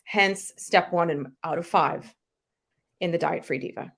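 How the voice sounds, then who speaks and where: Animated woman telling her story. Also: measured pace, creaky. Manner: animated, emphatic storytelling with sudden pitch jumps. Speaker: guest, health coach and author. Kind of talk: podcast interview storytelling.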